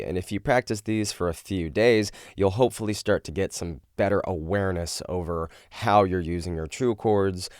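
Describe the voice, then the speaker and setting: A man's voice: sits low, darkish tone, clear, resonant tone, no room sound, clean studio sound. A young man teaching vocal technique, explaining and demonstrating exercises in an instructional video. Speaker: vocal coach.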